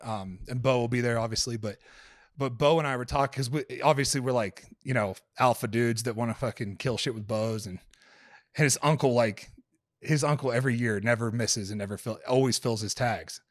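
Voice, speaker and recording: A man in a casual podcast chat who tells stories in a loose, rambling way, full of swearing and fillers. His pitch sits in an ordinary middle range, and the recording is dry and close with no room echo. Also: brisk. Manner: profane, rambling storyteller with many fillers.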